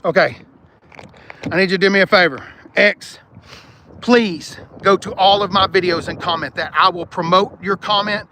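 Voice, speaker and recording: This car channel host talks at a moderate pace in a high-sitting voice while streaming live from a lot outside. He's blunt and jokey with his viewers, and with no external mic, the wind buffets the recording.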